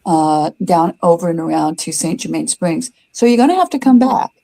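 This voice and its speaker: Woman, older, warm mellow tone, rambling chat, frequent restarts. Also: lowish voice, expressive, normal speed, gravelly. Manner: rambling, many fillers and restarts. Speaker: guest. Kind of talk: casual storytelling chat.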